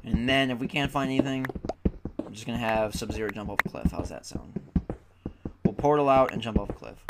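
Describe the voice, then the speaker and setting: A young man, sounding tired, chats briskly in a mid-range voice while grumbling through a game. He's a gaming YouTuber doing casual Let's Play commentary, and loud background noise runs under it.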